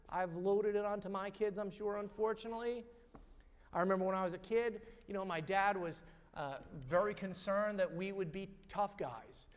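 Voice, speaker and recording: A man's voice: high voice, clean tone. A middle-aged man preaching a sermon, telling stories and building to repeated rhetorical questions. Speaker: pastor. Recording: long reverb of a large hall.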